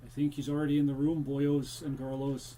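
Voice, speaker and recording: A man's voice: mid-range voice, monotone, brisk, warm tone. A young man streaming a horror game live, chatting to his viewers and drifting into a joking pirate-style accent. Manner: chatty, talks to the viewers while playing, drifts into a jokey pirate-ish accent. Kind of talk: casual live-stream commentary.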